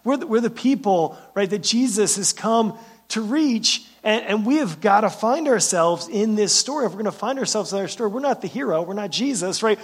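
Fairly quick and slightly rough, a pastor's high-pitched, expressive voice carries his conversational sermon. He often checks in with "right?" and repeats words as he launches into sentences.

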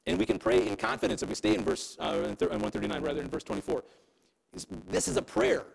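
Lively gravelly-voiced preacher man. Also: high-pitched, quick pace, rough recording. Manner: conversational preaching, keeps asking "right?". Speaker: pastor. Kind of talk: sermon.

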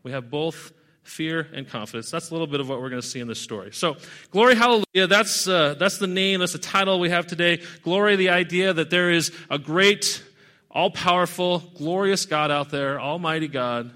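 A man delivers a sermon in a relaxed, conversational way, retelling scripture with animated asides and restarts. His voice sits a little high and rings bright and forceful. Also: moderate pace. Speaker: pastor.

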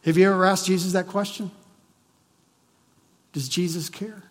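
A man preaching a conversational sermon, dropping to hushed tones and then rising to emphatic points. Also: sits high, steady tone, moderate pace, long reverb tail. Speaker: pastor.

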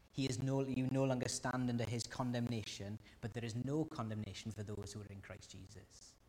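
A man preaches in an earnest voice of middling pitch, pressing his listeners with question after question. His words ring out with a long reverb, as in a large church hall. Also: a little mellow. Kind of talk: sermon.

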